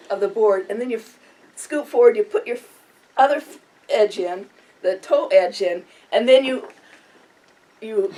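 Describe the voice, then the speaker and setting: A woman's voice: on the high side, darkish tone. Older woman telling a funny story from afar. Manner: chuckles often through her story. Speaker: public speaker. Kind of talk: humorous storytelling speech. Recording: distant mic with faint room ambience.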